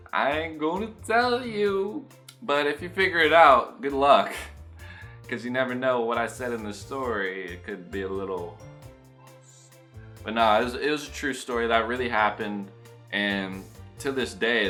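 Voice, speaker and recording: A young man vlogging, telling a story in a casual, animated way and acting out both sides of the conversation. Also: fairly high pitch.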